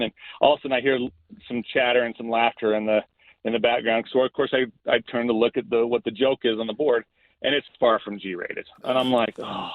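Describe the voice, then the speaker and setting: Over a thin, phone-like connection with no echo, a middle-aged principal recounts a story in a casual podcast chat. He speaks in a medium pitch, earnestly, often backing up to start phrases over.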